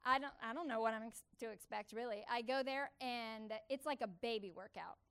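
A woman preaching a testimony sermon to a church gathering, telling her story with animated, emphatic repetition. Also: on the high side, brisk, smooth. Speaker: church speaker.

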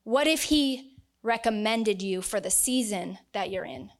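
A woman's voice: fairly high pitch, lively intonation, measured pace. A woman preaching a sermon to a congregation, earnest and emphatic, reading scripture aloud. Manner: earnest, emphatic, acts out quoted voices.

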